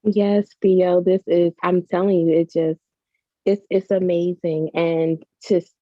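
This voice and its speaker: A woman who is an author and mother speaks earnestly and emotionally as a guest in a heartfelt conversational interview, effusive, full of "like," and often restarting her sentences. Her voice is on the low side, level, and a little slow. The dry recording comes through a video call with dull, lo-fi audio.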